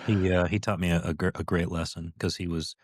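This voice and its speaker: A man's voice: sits low, little pitch movement, a little fast, dry recording, clean studio sound. A middle-aged man co-hosting a podcast, telling stories in a casual chat with many fillers and restarts. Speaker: podcast co-host, former cast member.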